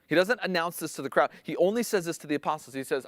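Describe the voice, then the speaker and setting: A man's voice: fairly high pitch, fast, dry recording. Conversational preacher man, dry sound. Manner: conversational teaching, acts out quotes with rising intensity. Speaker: pastor. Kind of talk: sermon.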